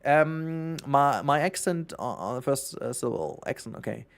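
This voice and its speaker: A man with a German accent talks loosely as he streams a game, his pitch sitting in a middle register. He rambles, doubles back on his words and breaks into laughs, with the easy, chatty flow of a long livestream. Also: expressive, moderate pace, vocal fry, smooth. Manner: rambling, chatty, self-correcting, laughs often. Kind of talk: casual livestream gaming chat.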